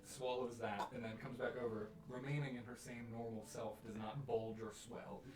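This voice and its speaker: A man running a tabletop game as game master, narrating scenes vividly and slowing down for eerie descriptions. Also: medium pitch, flat delivery, darkish tone. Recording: roomy, distant mic with music.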